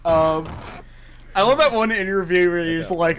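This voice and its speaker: A man's voice: fairly high pitch, big pitch swings, unhurried, a bit bright. A man streaming a game, chatting casually and rambling, laughing often. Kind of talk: casual gameplay chat. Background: game music.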